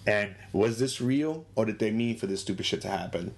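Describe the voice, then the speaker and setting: A man's voice: lowish voice, a little fast. A man chatting casually about movies, laughing often and acting out characters in a raised voice. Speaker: movie discussion co-host. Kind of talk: casual chat.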